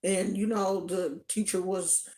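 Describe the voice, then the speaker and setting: A woman from California telling a personal story in a casual, animated way, often laughing. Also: mid-range voice, slow. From Oakland, California. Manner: animated, laughs often, acts out quoted voices.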